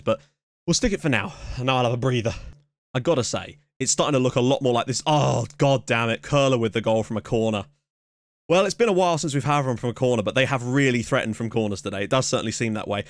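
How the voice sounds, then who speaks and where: A man hosting a let's play, giving excitable running commentary on a match with sudden yelps at big moments. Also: medium pitch, dry recording. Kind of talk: casual gameplay commentary. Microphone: camera mic.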